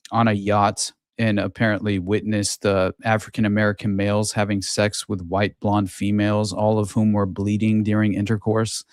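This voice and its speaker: Low, flat-voiced male podcast host. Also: clear, resonant tone, dry recording, studio quality. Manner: halting, many fillers and restarts. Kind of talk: casual podcast conversation.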